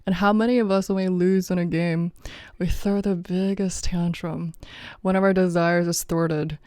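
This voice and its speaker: A woman's voice: lowish voice, steady tone, moderate pace, mellow, no room sound, studio quality. A woman talking casually in a reflective vlog, rambling with many fillers and often breaking into laughter. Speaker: vlogger.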